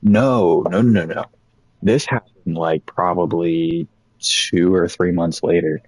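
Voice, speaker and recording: A young man casually telling a rambling, profane story about old jobs, animated as he quotes people. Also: low-pitched, slow, husky, dry recording, rough recording.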